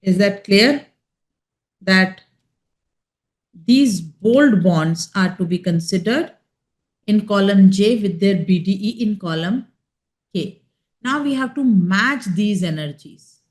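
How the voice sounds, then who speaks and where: Woman, Indian English accent, chemistry teacher, unhurried lecture, emphatic. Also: medium pitch, animated. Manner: slow, emphatic explaining with frequent check-ins. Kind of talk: classroom lecture.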